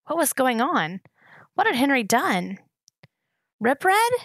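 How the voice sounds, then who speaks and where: A woman reading a novel aloud in steady narration. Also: sits high, a little slow, slightly rough, no echo, studio quality. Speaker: reader.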